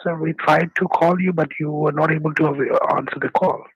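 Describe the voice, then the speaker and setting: A man's voice: fairly high pitch, fairly even intonation, a little fast, slightly rough, dry recording. A man calling on the phone, polite and scripted, hesitating with fillers. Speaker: scam caller. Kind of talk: phone call. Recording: dry, tinny phone line.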